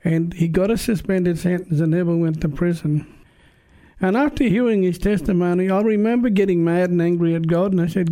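Earnest high-voiced man preaching. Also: a little fast, dark tone. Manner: earnest, emphatic, plain-spoken. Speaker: preacher giving his testimony. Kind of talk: testimony sermon.

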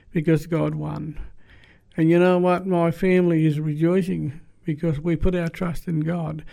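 A man's voice: high voice, warm tone. A man giving an informal, conversational sermon, repeating phrases and saying "you know" often. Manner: conversational, repetitive, many "you know" fillers. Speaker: lay preacher giving testimony.

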